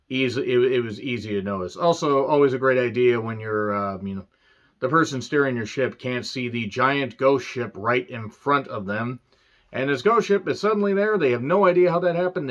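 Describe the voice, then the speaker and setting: A man's voice: medium pitch, a bit bright, lo-fi sound. A man giving a casual, rambling film review rant with sarcastic asides and profanity. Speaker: movie reviewer.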